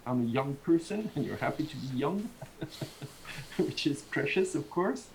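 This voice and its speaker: Over a video call, a man from Southern France with a matching accent gives an online university lecture in an expressive, mid-range voice, a little slow and with vocal fry. He rambles, restarts often, and chuckles between points, and the low-quality recording has slight background noise.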